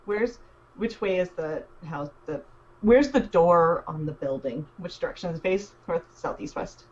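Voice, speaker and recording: A woman playing a tabletop role-playing game, describing her actions hesitantly with many pauses and ums. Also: fairly low pitch, darkish tone, slightly rough, highs cut off. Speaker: player. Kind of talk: casual tabletop play.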